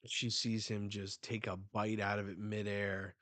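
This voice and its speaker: Slow-talking young man reacting to manga. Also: on the low side, no room sound. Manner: excitable, swears, reads panels aloud. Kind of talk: live reading reaction.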